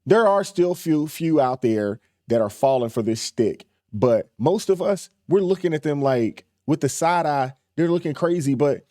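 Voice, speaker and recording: A man's voice: fairly high pitch, animated, moderate pace, few pauses, mellow, no room sound, clean studio sound. A man hosting a reaction commentary channel, speaking emphatically and repeating his points with indignation.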